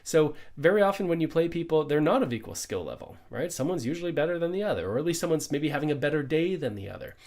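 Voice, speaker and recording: A man's voice: fairly high pitch, big pitch swings, quick pace, hardly any pauses, a little mellow. A middle-aged man, a pickleball coach, giving an upbeat conversational lesson full of rhetorical questions. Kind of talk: instructional explainer.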